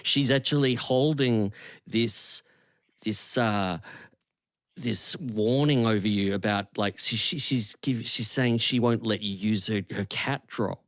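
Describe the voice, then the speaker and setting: A man co-hosting a podcast in casual chat, rambling and amused, with many halting restarts. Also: lowish voice, dry recording, studio quality. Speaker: podcast co-host.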